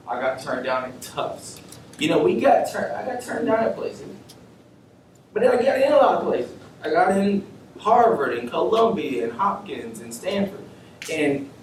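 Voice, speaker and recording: Young guy talking to a room of students, lively, fairly high voice, lots of echo, sounds far from the mic. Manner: animated, laughing, acts out dialogue. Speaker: workshop speaker, medical student. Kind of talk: informal workshop talk to students. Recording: echoey room, mic far off, faint noise.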